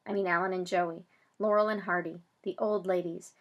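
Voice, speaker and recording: A woman narrating a first-person audiobook, reading the story and voicing its characters, with loud bursts for shouted lines. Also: fairly low pitch, fairly even intonation, normal speed.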